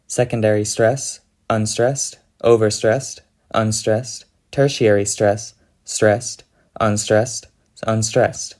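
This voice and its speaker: A man narrating a scripted explanation of an invented language, with a dry, mock-serious delivery. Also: mid-range voice. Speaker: conlang video narrator.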